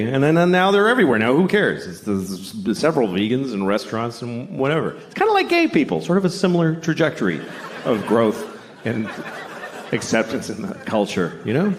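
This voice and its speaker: A middle-aged man doing a blunt, deadpan stand-up comedy set, often acting out other people's voices. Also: medium pitch, quick pace. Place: stage before a laughing audience. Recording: live stage recording with audience noise. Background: audience laughter.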